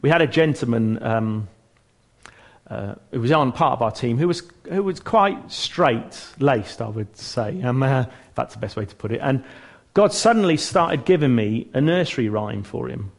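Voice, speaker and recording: A man with a creaky, mid-range voice talks animatedly at normal speed. He's giving an informal church teaching talk, earnest and chatty, restarting phrases and poking fun at himself.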